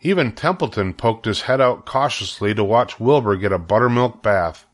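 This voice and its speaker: An older man reading a children's book aloud with steady, clear storytelling. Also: lowish voice, normal speed.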